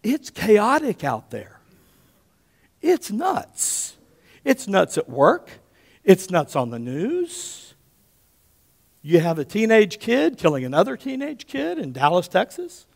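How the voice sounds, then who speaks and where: A man in his fifties preaching a sermon as pastor, telling stories with big swings between loud and hushed, often checking in with "okay?". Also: sits high, measured pace, gravelly. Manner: animated storyteller, often checks in with "okay?", drops to a hush for quotes.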